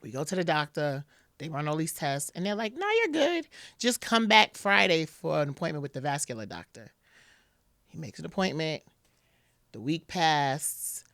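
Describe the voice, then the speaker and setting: A woman's voice: low-pitched, moderate pace, vocal fry, dry recording, studio quality. A woman guest on a podcast, telling a personal story and acting out what people said, with plenty of "like" fillers. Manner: animated retelling, acting out quotes, many "like" fillers.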